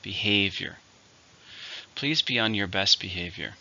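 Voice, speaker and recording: A man with a rather low voice and a very bright, sharp tone teaches English vocabulary. He counts syllables, marks the stress and says each word with care. The recording sounds slightly dull and lo-fi. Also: lively intonation. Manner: slow, deliberate word drills with example sentences. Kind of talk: vocabulary lesson.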